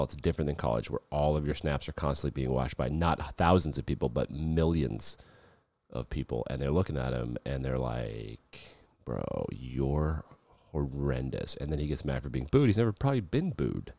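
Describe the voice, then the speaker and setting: A man's voice: very deep voice, dry recording. A man hosting a podcast, giving blunt, mocking sports commentary in a casual way. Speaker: podcast host.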